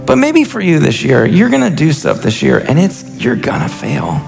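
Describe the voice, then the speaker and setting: A man's voice: fairly high pitch, huge pitch swings, moderate pace, vocal fry. A man in his thirties preaching a sermon as a senior pastor, earnest and impassioned, often restarting his sentences. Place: church sanctuary. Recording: reverberant church hall with faint music.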